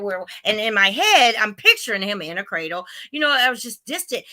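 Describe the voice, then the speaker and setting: A woman's voice: medium pitch, fairly quick, few pauses, rough recording. A woman in her fifties hosting a casual spiritual chat, telling stories and acting out the quotes in them. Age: 50s. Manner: animated storytelling, acting out quotes. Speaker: host.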